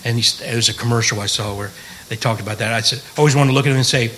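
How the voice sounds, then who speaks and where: A man's voice: medium pitch, fairly even intonation, fairly quick, pauses often, pushed and bright, slight background noise, low-quality recording. A middle-aged man, a pastor, teaching the Bible in a folksy, joking way and asking the room questions.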